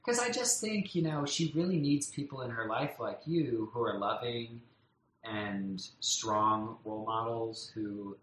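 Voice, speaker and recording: A man talking warmly and at length about his young daughter, tender and rambling with many restarts and fillers. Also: medium pitch, unhurried, echoey room, low-quality recording. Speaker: parent being interviewed. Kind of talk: casual heartfelt conversation. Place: home in a loud neighborhood.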